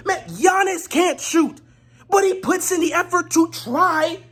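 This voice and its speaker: A woman delivering a heated sports rant, exasperated and repeatedly shouting in disbelief. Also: very high voice, animated, moderate pace. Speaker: sports commentator.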